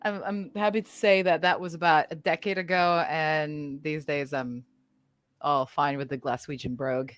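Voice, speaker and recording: A woman's voice: low voice, normal speed, dry recording. A woman telling a casual anecdote as a guest on a fan stream, acting out the quoted voices as she goes. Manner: lively storyteller who acts out quoted voices.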